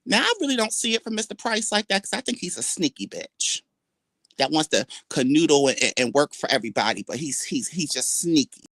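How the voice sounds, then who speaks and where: A woman's voice: big pitch swings, fairly quick, fairly bright tone, dry recording, studio quality. Brash trash-talking woman livestreamer. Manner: brash, trash-talking, drawls and swings pitch for emphasis. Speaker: livestream host. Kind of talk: casual livestream commentary.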